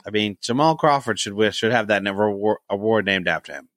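A man's voice: fairly low pitch, fast, dry recording, clean studio sound. A man co-hosting a casual sports talk show, joking and arguing with loose, profane banter. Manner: animated, swearing, jokey, argumentative. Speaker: podcast co-host.

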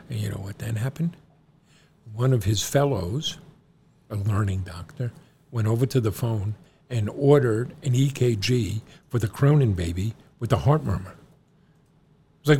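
A man's voice: lowish voice, moderate pace, a little hiss or hum. A middle-aged man, co-host of a podcast, telling his son a long family story and acting out the people in it. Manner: animated storyteller, acts out quoted doctors. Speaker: podcast co-host, John's father.

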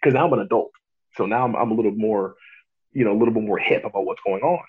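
A young man with a low, husky voice tells his story in a relaxed interview, laughing often and acting out what others said. The sound comes through a thin, phone-like line. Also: fast talker. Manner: animated, laughs often, acts out quotes. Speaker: pro wrestler guest.

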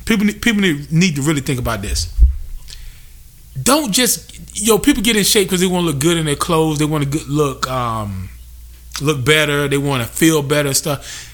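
A man's voice: on the high side, animated, moderate pace, a bit bright. A young man hosting a podcast, venting casually with loose, profane talk and lots of repetition for emphasis. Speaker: podcast host.

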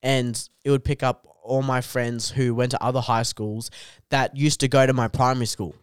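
A man's voice: medium pitch, normal speed, smooth, no echo, studio quality. A young Australian man telling a rambling, sweary story on a podcast, saying dude constantly and laughing as he goes. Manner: animated, laughs through own story. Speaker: comedian guest.

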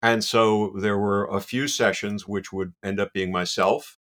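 A man with a deep, low voice tells a story in a casual, animated way. He pokes fun at himself and fills his sentences with "you know." He comes across as a chatty guest. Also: a little slow. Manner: animated, self-deprecating, many "you know" asides.

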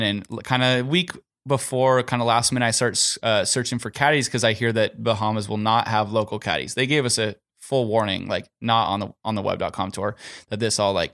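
A man's voice: fairly low pitch, a bit bright. A young man, a pro golfer and podcast guest, telling a story in a casual, rambling way, packed with "like" and "you know".

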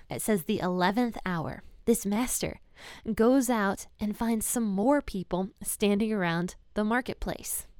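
Smooth-voiced woman teaching scripture. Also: medium pitch, a little mellow, no echo, clean studio sound. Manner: conversational, retells scripture in her own words; candid and personal. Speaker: Bible teacher. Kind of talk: casual devotional Bible talk.

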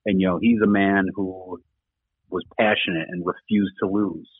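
Speaking over tinny, dry phone audio, a middle-aged ex-rugby coach gives a casual, rambling podcast interview, earnest and heavy on fillers. His voice is low, fairly even in intonation, moderately paced, with a breathy edge.

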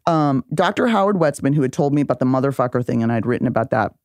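A woman's voice: a bass voice, fast, no echo. A woman in her forties, a memoir author, telling candid stories with a lot of swearing and acting out quotes in a podcast studio. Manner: profane, animated storytelling, acts out quotes. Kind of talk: candid casual chat.

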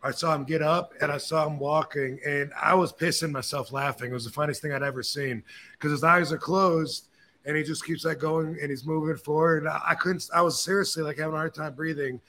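A man hosting a podcast, telling stories and opinions in a casual, animated way, with frequent swearing. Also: on the high side, a little fast, a little hiss or hum. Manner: animated, profane storyteller. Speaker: podcast host. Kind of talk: casual chat.

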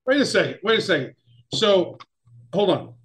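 A male co-host with a notably high voice. He rambles loosely through his points and leans on lots of fillers in relaxed chat. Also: moderate pace, poor audio. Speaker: podcast co-host. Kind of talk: casual chat.

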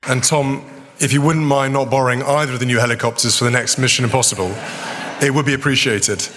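A man's voice: mid-range voice, fairly even intonation, fast, fairly bright tone, slight background noise. A man giving a formal gala speech with dry, understated humor. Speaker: public speaker at a gala. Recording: reverberant hall.

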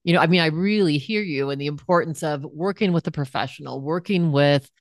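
A woman's voice: low voice, a little fast, dry recording, clean studio sound. A woman hosting a podcast interview, asking earnest, reflective questions. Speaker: podcast host.

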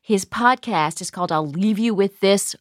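A woman hosting a comedy podcast in casual chat, animated, laughing often and swearing freely. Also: mid-range voice, moderate pace, no echo, clean studio sound. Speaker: podcast host.

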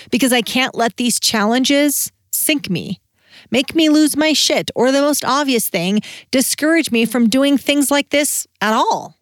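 A woman's voice: on the high side, dry recording, clean studio sound. A woman in her thirties hosting a solo podcast, talking in a candid, encouraging, conversational way. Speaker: podcast host.

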